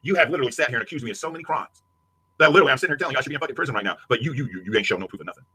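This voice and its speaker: Man, angry profane rant, dry close sound, rapid-fire. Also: medium pitch, expressive, husky, no room sound. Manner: profane, aggressive, shouting insults. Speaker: livestreamer.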